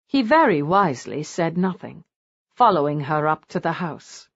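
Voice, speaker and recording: A woman narrating a romance audiobook in an expressive, animated reading. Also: deep voice, moderate pace, slightly rough, no room sound. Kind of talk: scripted narration. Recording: slightly dull dry recording.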